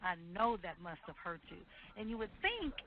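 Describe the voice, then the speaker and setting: A woman hosting a faith interview, asking gentle, probing questions and affirming her guest. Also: lowish voice, very animated, normal speed. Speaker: talk show host. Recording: phone-like line with background noise.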